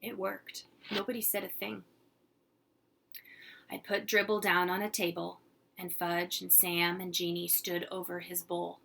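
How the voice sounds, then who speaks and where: A woman teacher reads a children's chapter book aloud in gentle storytelling. Her voice is husky and gravelly. She reads at a very unhurried pace. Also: lowish voice, flat delivery.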